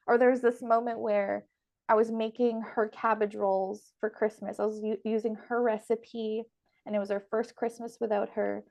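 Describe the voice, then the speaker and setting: A woman's voice: on the high side, level tone, normal speed, vocal fry, a little mellow. A young woman hosting a casual spiritual podcast conversation, chatty and emotional, laughing often. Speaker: podcast host and medium.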